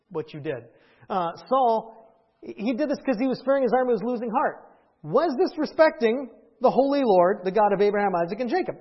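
A man's voice: very high-pitched, slightly rough, muffled recording. A man preaching a conversational sermon who keeps asking the congregation questions and tagging on "right?". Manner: conversational, asks the audience questions, often adds "right?". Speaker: pastor.

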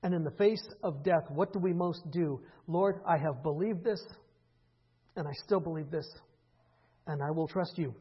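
A man preaching a conversational sermon, rising into impassioned stretches and then falling quiet again. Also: a little high, normal speed, husky, lo-fi sound. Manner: conversational preaching, builds to impassioned peaks with laughs. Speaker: pastor.

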